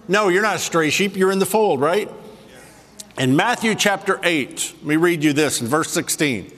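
A man preaching a sermon to a congregation, switching between slow, soft emphasis and quick conversational asides. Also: fairly high pitch, in a large hall. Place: church sanctuary with a congregation.

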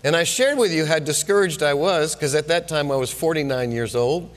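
A man's voice: fairly high pitch, fairly quick. A male pastor preaching a sermon, telling a personal story with frequent restarts, in a church sanctuary. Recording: long hall reverb.

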